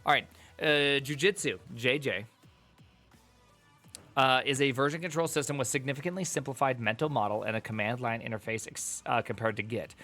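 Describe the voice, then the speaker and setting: Bright, jokey man streaming live. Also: medium pitch, moderate pace, faint music behind. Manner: animated, jokey, rambling asides to chat. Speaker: live streamer reading tech articles with chat. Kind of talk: casual live-stream chat.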